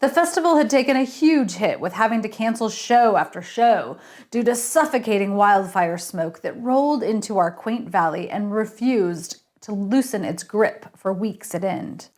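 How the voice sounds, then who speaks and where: Woman author, reading fiction aloud, expressive, lively. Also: mid-range voice, moderate pace. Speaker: author reading her novel.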